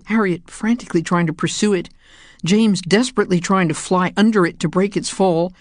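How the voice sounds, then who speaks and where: A woman narrates a children's story in a calm, measured way. Her voice sits low, and the recording is dry and close with no room sound. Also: no room sound. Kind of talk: audiobook narration.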